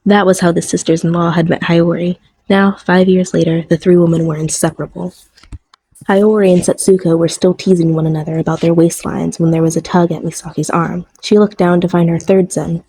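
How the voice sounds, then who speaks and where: A woman reading a novel aloud in an even, measured way. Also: on the low side, slightly rough, rough recording. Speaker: audiobook narrator. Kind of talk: scripted narration.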